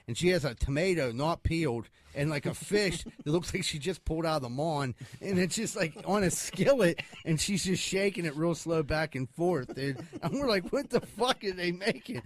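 A man's voice: fairly high pitch, animated, moderate pace, few pauses. A man hosting a podcast, reading ads and telling loose, profane stories. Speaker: podcast host. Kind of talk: casual podcast chat and ad reads.

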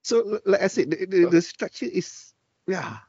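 A man's voice: high-pitched, lively intonation, moderate pace, husky, no echo, highs cut off. Good-natured man. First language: Japanese. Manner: good-natured, laughing, gently correcting. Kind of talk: casual podcast chat.

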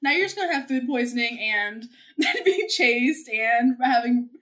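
A woman co-hosting a casual film recap, chatty and quick to laugh. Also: on the high side, lively intonation, a bit bright. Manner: chatty, laughs often, acts out quotes. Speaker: podcast co-host.

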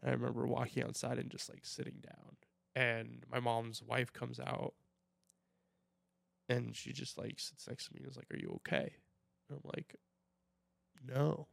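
Gravelly young man, reflective podcast talk. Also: medium pitch, little pitch movement, a bit bright, no echo. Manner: reflective, halting with repeated starts. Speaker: podcast co-host. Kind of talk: casual chat.

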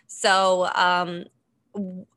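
A woman's voice: lowish voice, little pitch movement, very slow, sharp tone. A woman co-hosting a podcast, chatting casually about a documentary, with lots of ums and easy laughs. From Boston area. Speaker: podcast co-host. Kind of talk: casual chat recapping a documentary.

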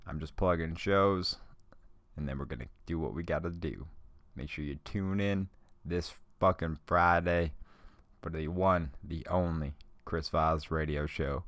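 A man hosting a solo podcast who talks in a casual, rambling, profane way while high. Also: measured pace, a bit bright, no echo. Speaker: podcast host.

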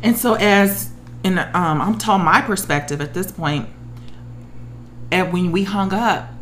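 A woman's voice: medium pitch, a little slow, a bit bright, slight background noise. A woman on the verge of tears, telling a personal story in an emotional, emphatic way as a podcast co-host. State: close to tears.

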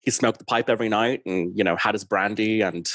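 A man's voice: fairly low pitch, fairly quick, no room sound. A man from Singapore with an English-tinged accent, chatting animatedly as a guest author in an interview. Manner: chatty, animated, laughs often, many fillers. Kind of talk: conversational interview.

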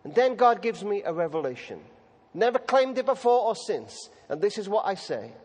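A man preaching a sermon, telling stories dramatically and slowing down for emphasis. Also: high voice, very animated, a little mellow, husky. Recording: reverberant hall recording.

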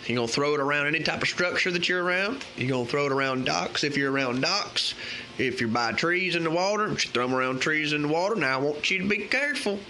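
A man's voice: a little high, fast talker, slight background noise. A man playing a folksy male fishing guide in an exaggerated, put-on Southern US country accent. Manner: folksy, animated, hammy.

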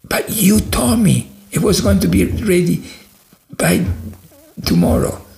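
A man's voice: mid-range voice, unhurried, creaky. A man voicing a weary, frustrated businessman as he retells a story, speaking in an exasperated, complaining way. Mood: impatient.

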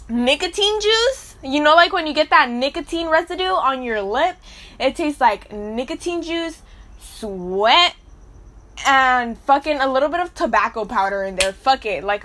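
A woman's voice: high voice, fairly bright tone. A young adult woman hosting a casual storytelling podcast, blunt and crude, full of slang and swearing as she talks straight to her listeners. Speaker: podcast host.

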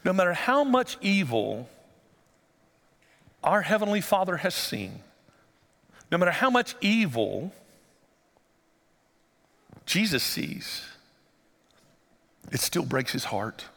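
A man delivers a sermon in a high, animated voice that leaps up and down. He acts out the quoted lines and moves between hushed and loud delivery. His voice rings with the long reverb of a large hall. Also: takes it slowly, gravelly, pauses often. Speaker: pastor.

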